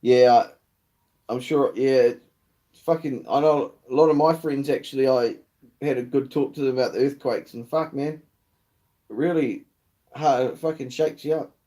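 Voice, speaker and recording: A man's voice: medium pitch, normal speed, long pauses, warm tone. Laid-back New Zealand man chatting live. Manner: casual and swearing, slangy with mate and bro. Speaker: livestream host. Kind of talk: casual live chat.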